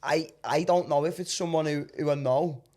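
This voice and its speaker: A man's voice: on the high side, moderate pace, a little mellow. A man hosting a podcast, chatty and asking questions in a casual chat. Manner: chatty, laughs often, asks questions. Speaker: podcast host.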